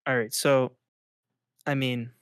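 A man's voice: mid-range voice, flat delivery, takes it slowly, smooth, no echo, studio quality. A man co-hosting a podcast in casual chat, rambling and filling nearly every phrase with "like". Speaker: podcast co-host.

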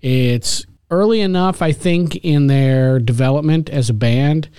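A man co-hosting a podcast, musing in a relaxed, casual way and using fillers. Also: a little high, a little slow, smooth, no room sound, studio quality. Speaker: podcast co-host. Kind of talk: casual chat.

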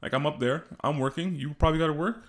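A young man co-hosting a podcast, telling a work story in a rambling, animated way with frequent restarts. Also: on the high side, quick pace, a little hiss or hum. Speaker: podcast co-host. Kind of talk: casual storytelling chat.

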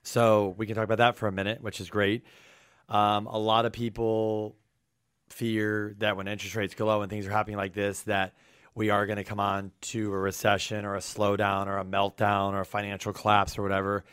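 A man co-hosting a podcast in casual chat, talking with an energetic, hyped-up delivery. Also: on the low side, a little fast, clean tone, dry recording, studio quality. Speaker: podcast co-host.

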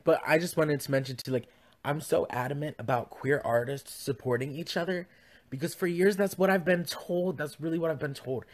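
Speaking a little high and fairly quickly into a podcast mic, a young man hosts his own show from home. He chats casually in a campy, rambling way packed with asides.

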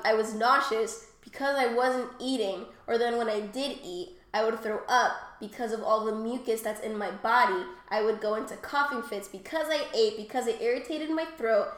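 Rambling, crude woman in an echoey room. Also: a little high. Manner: crude, rambling storytelling with lots of fillers and laughs. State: coughing after a cold. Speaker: podcast co-host. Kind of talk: casual chat.

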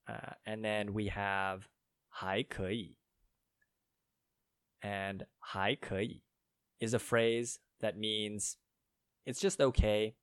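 A man slowly explaining Mandarin phrases and spelling out their tones, one letter at a time. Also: fairly low pitch, flat delivery, clean tone, no room sound, studio quality. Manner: slow, careful spelling out of tones. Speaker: language learner.

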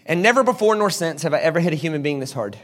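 A man preaching a sermon, telling a story with dramatic, animated delivery and shouted peaks. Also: a little high, racing.

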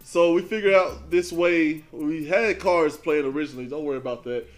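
A man's voice: on the high side, normal speed, faint music behind. A man hosting a casual podcast, easygoing and joking with his co-host.

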